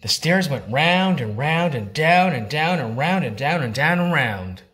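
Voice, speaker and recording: A man reading a children's storybook aloud, expressive and playful with repeated words. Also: fairly high pitch, measured pace, breathy edge.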